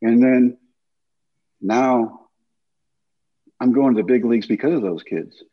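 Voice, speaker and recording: A man in his fifties, a former baseball pitcher and guest, telling animated stories over a video call and acting out quotes. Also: unhurried, slightly rough, phone-quality sound. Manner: animated anecdotes with acted-out quotes. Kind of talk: storytelling in casual chat.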